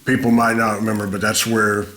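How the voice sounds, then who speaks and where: A man hosting an interview, asking relaxed conversational questions. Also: fairly low pitch, a little fast, slight background noise. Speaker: interviewer host.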